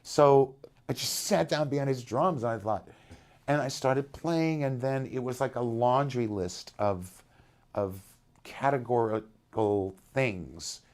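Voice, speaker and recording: A man telling a long story in an interview, animated, often acting out the people he quotes. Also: medium pitch, slow pace. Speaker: interviewed musician.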